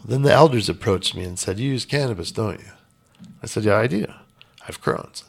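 A man's voice: fairly low pitch, lively intonation, a little fast, creaky, husky. A man telling a personal story in a casual interview, blunt and emphatic with some swearing. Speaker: podcast guest.

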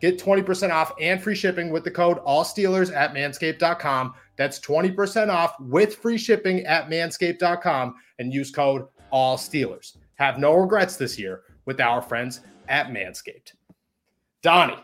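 A man hosting a sports podcast, reading an ad and chatting with quick enthusiasm. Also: on the high side, lively intonation. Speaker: podcast host. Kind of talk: sports podcast chat and read ad.

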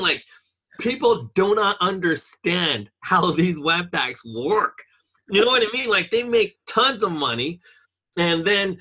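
A man's voice: high voice, lively intonation, measured pace, bright, forceful tone, husky. A man in casual chat, telling a story in an angry, profane rant.

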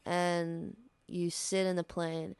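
A woman with a low, gravelly yet smooth voice hosts a comedy podcast. She rambles through an improvised story, filling it with "like"s. The sound is dry and close. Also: flat delivery, slow pace, darkish tone, no room sound. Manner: rambling, heavy use of "like".

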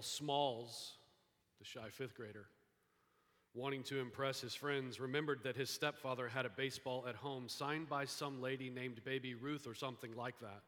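A man preaching a sermon as pastor, telling a story and moving between hushed and lively emphasis. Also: mid-range voice. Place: church sanctuary. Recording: hall reverb.

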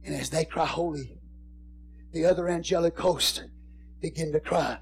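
A man preaching a sermon as a pastor, repeating phrases and swinging from hushed whispers to shouted crescendos. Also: a little high, fairly even intonation, normal speed, gravelly, long pauses, a little hiss or hum.

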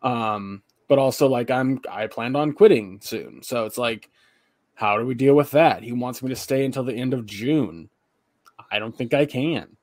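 A man's voice: medium pitch, normal speed, darkish tone, no echo. A young man and podcast co-host, casually telling long, profane, rambling stories about work and home. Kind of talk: casual chat.

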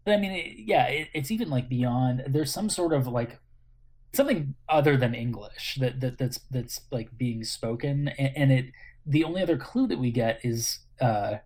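Husky-voiced podcast co-host. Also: mid-range voice, moderate pace, a little mellow. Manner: hesitant, many restarts and fillers. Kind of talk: casual film discussion.

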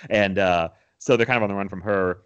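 A man's voice: low voice, fairly quick, clean tone, lo-fi sound. A young man co-hosting a podcast, chatting casually about movies, rambling with restarts and laughing often. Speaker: podcast co-host.

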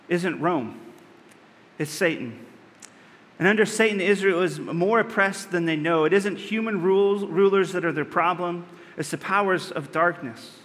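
A man's voice: high voice, fairly bright tone, big-room sound. A man preaching a sermon, earnest and conversational, with rhetorical questions to the congregation. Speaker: pastor.

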